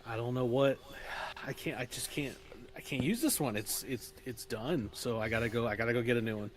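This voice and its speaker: A man co-hosting a casual fishing podcast, riffing with dry jokes and swearing casually. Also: mid-range voice. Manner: dry joking, drawn-out riffs, swears casually. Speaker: podcast co-host. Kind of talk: casual chat.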